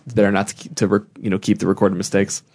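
A man's voice: lowish voice, flat delivery, racing, darkish tone, breathy edge. A young man co-hosting a casual podcast, rambling with lots of fillers and restarts and laughing often. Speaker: podcast co-host. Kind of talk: casual chat.

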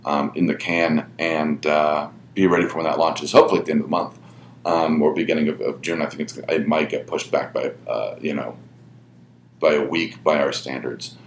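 A man hosting a podcast talks in a deep, low voice through a casual solo monologue. He rambles and reflects on himself with plenty of "um"s and "you know"s. The room sounds echoey, with a faint hum underneath. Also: steady tone, normal speed. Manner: rambling and self-reflective, many fillers. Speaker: podcast host running a podcast network.

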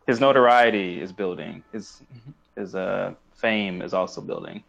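Low-voiced laughing man, lo-fi. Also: a little slow, gravelly, fairly bright tone. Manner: searches for words, laughs often. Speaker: podcast co-host. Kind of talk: casual chat.

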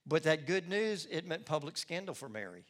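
A middle-aged male pastor preaching a sermon in an expressive storytelling manner. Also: a little high, normal speed. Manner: expressive, storytelling, acts out scenes. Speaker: lead pastor.

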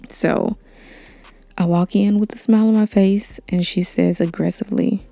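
A young woman hosting a podcast, telling a story in a casual, animated way with lots of fillers. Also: medium pitch, quick pace, gravelly, no echo, faint music behind. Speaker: podcast host. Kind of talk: storytime monologue.

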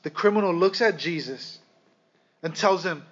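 A man preaching a sermon, speaking with dramatic pauses and calling his listeners "guys". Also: high-pitched, fairly bright tone. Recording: slightly dull lo-fi sound.

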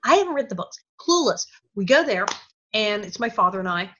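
A woman guest in an interview, telling animated stories with laughter and acted-out quotes. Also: medium pitch. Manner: energetic, laughing, quick asides and acted-out quotes. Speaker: interview guest, former child actor. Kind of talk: animated storytelling in conversation. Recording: dull lo-fi audio.

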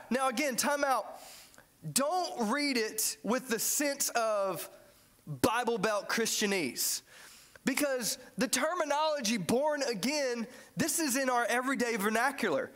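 A man preaching a sermon in a church, animated and joking as he acts out the story. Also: extremely high pitch, unhurried. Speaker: pastor.

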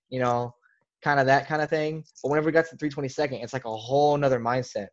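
A man's voice: mid-range voice, fast talker, dull audio. A young man, a podcast guest, telling a casual story in a rambling way, full of filler words. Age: young adult.

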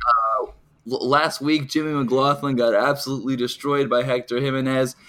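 A man's voice: medium pitch, steady tone, bright, forceful tone, no room sound. A man co-hosting a podcast, chatting casually and joking. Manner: jokey, loose, quick asides. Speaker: podcast co-host. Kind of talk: casual chat.

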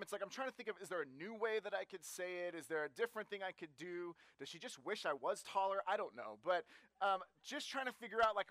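A man's voice: high-pitched, fairly bright tone, no echo. A man in his thirties preaching a sermon, conversational and self-deprecating, with fillers and restarts. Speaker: pastor.

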